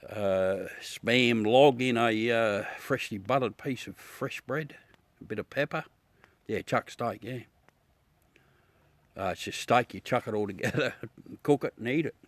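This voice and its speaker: A man's voice: mid-range voice, dry recording. Easygoing Australian man chatting live. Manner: rambling, easygoing, laughs at his own jokes. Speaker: livestream host chatting with viewers. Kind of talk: casual live chat. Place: at home beside a telescope.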